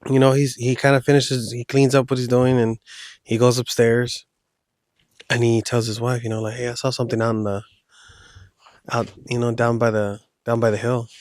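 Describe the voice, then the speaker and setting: On a podcast, a man with a mid-range, somewhat mellow voice recounts a horror story at normal speed, his pitch barely moving. There's no room sound, just clean studio audio. His retelling is casual and meandering, peppered with slang.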